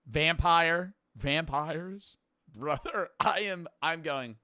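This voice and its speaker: Bright, crisp man joking through a reaction. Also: on the high side, animated, moderate pace, dry recording, clean studio sound. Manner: loud, profane, joking. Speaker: streamer reacting to a video. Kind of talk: casual reaction commentary.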